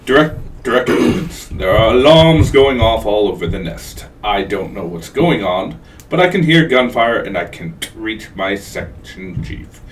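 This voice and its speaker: A man reading a game note aloud as a dying, coughing facility worker, pleading and halting. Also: on the low side, very animated, far from the mic, a little hiss or hum. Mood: desperate.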